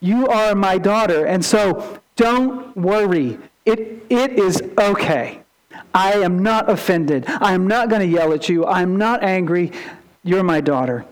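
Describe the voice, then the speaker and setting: A man voicing a tender male teacher who reassures a frightened woman softly. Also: sits high, lively intonation, unhurried, voice pushed down, rough recording. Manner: soft, reassuring.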